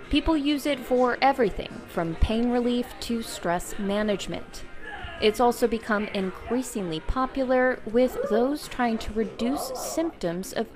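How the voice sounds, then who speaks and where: A woman reporter narrating a scripted news piece in a measured delivery. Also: fairly high pitch.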